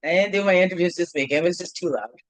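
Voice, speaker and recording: A woman's voice: on the low side, quick pace, dry recording. A middle-aged woman hosting a casual morning video chat from home, playful and rambling, with sing-song bits. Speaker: host.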